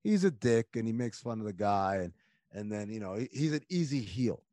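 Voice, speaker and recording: A man talking casually and emphatically as a podcast guest, rambling with quick restarts. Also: lowish voice, animated, mellow, no echo, studio quality. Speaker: podcast guest, basketball analyst.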